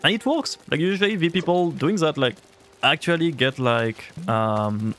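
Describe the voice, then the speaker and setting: A man's voice: on the high side, normal speed, fairly bright tone, faint music behind. A man streaming a game live, chatting casually and answering his viewers' chat, rambling with lots of filler words. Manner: rambling, heavy use of "like" fillers; reacts to and answers chat aloud.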